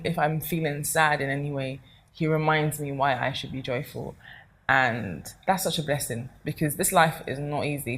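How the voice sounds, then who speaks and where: A woman's voice: deep voice, a little hiss or hum. A young woman talking casually to camera, chatty and affectionate, rambling with lots of fillers. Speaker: vlogger.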